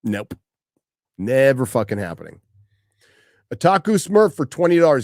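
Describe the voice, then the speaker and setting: A man's voice: medium pitch, expressive, unhurried, long pauses, darkish tone, no room sound, clean studio sound. A middle-aged man hosting a livestream, reading out viewer questions and answering in a blunt, profane way, often repeating phrases for emphasis. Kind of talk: casual profane livestream chat.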